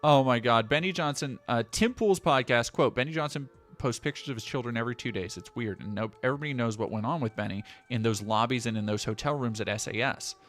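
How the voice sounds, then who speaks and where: A man's voice: medium pitch, fast, hardly any pauses, fairly bright tone, soft background music. A man streaming, reading news headlines aloud and reacting with sarcastic asides. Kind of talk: casual stream commentary.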